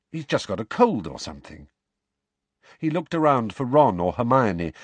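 A man reading a storybook aloud as narrator, measured and expressive. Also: fairly low pitch, no echo. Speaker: audiobook narrator.

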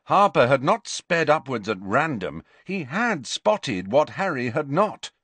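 Animated male audiobook narrator. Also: medium pitch, a little slow, slightly rough, no room sound. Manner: animated, dramatic reading. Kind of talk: scripted narration.

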